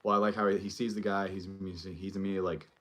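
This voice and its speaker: A man's voice: low voice, level tone, fast, fairly bright tone. A male show host giving a casual, rambling recap and review of a TV episode, full of fillers as he retells scenes.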